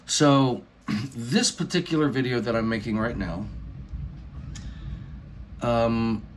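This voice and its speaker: A middle-aged man talks casually into his phone for a vlog. He meanders, restarts, and fills gaps with ums. He sounds earnest and chuckles often, in a voice of ordinary pitch. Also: slow pace, slight background noise. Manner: meandering, lots of fillers and restarts; warm, earnest, laughs between phrases. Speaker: YouTuber.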